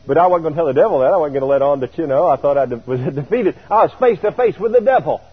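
A man preaching a sermon, telling a story in an animated way and chuckling now and then. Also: fairly high pitch, very fast, slightly rough. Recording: tinny radio broadcast.

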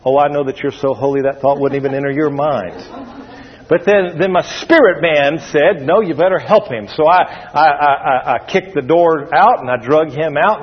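Before a congregation in church, a man delivers an emphatic, repetitive sermon and calls out for responses. His voice sits on the high side with a breathy quality, and the audio sounds dull and lo-fi with a long, hall-like reverb.

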